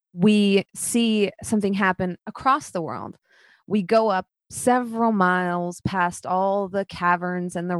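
A woman's voice: fairly low pitch, no echo. A woman narrating as the dungeon master of a tabletop game, casual and full of fillers.

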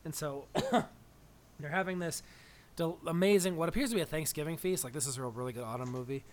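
A man in casual conversation as a podcast co-host, retelling scenes in an animated way and acting out quotes. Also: a little high, a little fast. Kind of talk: casual chat.

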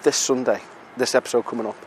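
A man's voice: medium pitch, fairly even intonation, fast talker, slight background noise. A British podcast host, a man, chatting casually and self-mockingly while out walking, a little out of breath, with the odd swear word. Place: outdoors on a city street.

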